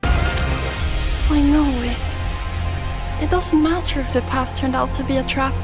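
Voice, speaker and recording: A mystic game heroine. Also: female voice, high-pitched, wildly swooping pitch, takes it slowly, exaggerated voice. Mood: solemn. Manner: thick accent, hard to understand, slurred like drunk. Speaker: game character. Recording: game trailer voice over loud music.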